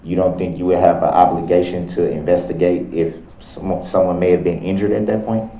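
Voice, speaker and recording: Deep, dark-voiced man cross-examining in court. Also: flat delivery, a little hiss or hum. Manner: halting, repetitive questioning with restarts. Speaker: defendant questioning a witness. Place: large courtroom. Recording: echoey courtroom, dull lo-fi sound.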